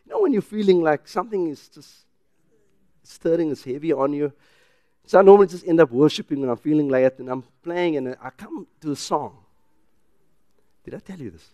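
A man with a South African English accent preaching a sermon in church, swinging from loud emphatic declarations to quiet personal storytelling. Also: on the high side, brisk, dry recording, clean studio sound. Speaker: pastor.

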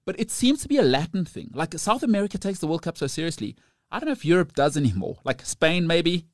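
Quick, stammering male podcast host. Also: a little high, sing-song, no room sound, clean studio sound. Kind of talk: casual chat.

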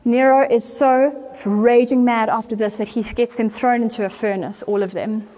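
A woman's voice: fairly high pitch, steady tone, normal speed, dark tone. A woman preaching, retelling a story earnestly and with animation. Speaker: church speaker. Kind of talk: storytelling sermon.

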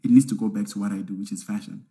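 A man chatting as a guest in a casual interview, quick and self-assured. His voice sits on the dark, mellow side. He is animated as he tells his stories. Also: fairly low pitch. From Zimbabwe.

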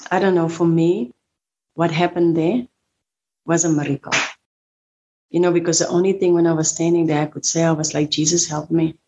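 A middle-aged woman recounts a painful personal story. Her voice sits low and stays fairly flat in pitch. She speaks haltingly, with fillers and repeated words. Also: dull audio, background noise. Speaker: survivor guest. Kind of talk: emotional personal testimony.

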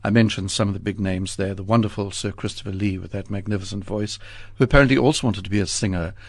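A man with a low voice hosts a radio interview from a studio. He asks polite, curious follow-up questions of his guest. The sound is close and dry. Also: steady tone, fast, vocal fry, dry recording. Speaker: radio show host. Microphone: studio microphone.

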